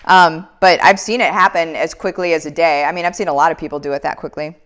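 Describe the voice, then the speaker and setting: A woman's voice: deep voice, fairly even intonation, fast, a bit bright. A woman in her thirties hosting a casual live Q&A, reading out viewer comments in an upbeat, motivational way. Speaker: live Q&A host.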